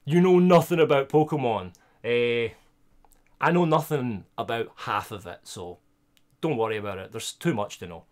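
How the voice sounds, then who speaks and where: A Scottish man live-streaming himself opening trading card packs, chatting casually with viewers and getting loud and excited over good pulls. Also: mid-range voice, moderate pace.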